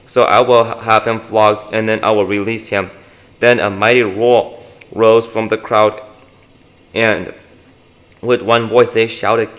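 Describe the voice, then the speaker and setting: A man's voice: on the low side, fairly bright tone. A man giving a devotional scripture reading aloud, often stumbling and correcting himself mid-line. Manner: reads aloud with frequent slips and self-corrections. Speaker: Bible reader.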